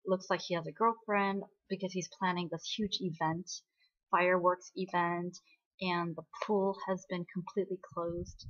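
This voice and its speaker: A woman casually recapping a drama episode in a chatty way, often checking in with "right?". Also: lowish voice. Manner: chatty, ends points with "right?". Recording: dull lo-fi recording.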